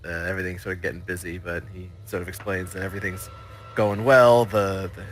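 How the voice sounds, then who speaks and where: A man describing his character's actions in a tabletop game, halting and laughing often. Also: deep voice, level tone, slight background noise. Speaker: player. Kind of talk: tabletop role-play table talk.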